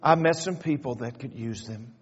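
A man's voice: medium pitch, moderate pace, breathy edge, long reverb tail, muffled recording, pitched below the performer's own voice, lightly acted. A man voicing a grateful, humble older man while retelling a story in a sermon.

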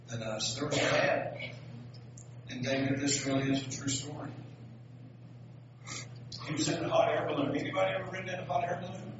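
Folksy Southern pastor in an echoey church. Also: male voice, mid-range voice, steady tone, normal speed, pauses often, noisy background. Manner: folksy, joking storyteller. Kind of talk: sermon. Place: church sanctuary. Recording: echoey hall, distant dull mic.

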